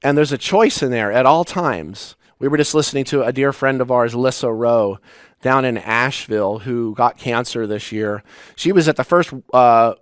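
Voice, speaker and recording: A man in his forties, a spiritual teacher, giving a reflective talk with personal stories, halting and restarting as he goes. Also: medium pitch, clear, resonant tone, no room sound, studio quality. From United States. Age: 40s. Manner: personal, storytelling with pauses and restarts.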